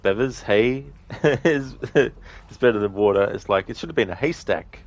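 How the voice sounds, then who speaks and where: A male streamer with a lowish voice talks at normal speed, chatting casually with viewers as he plays. He reads out their redeems during the gaming stream.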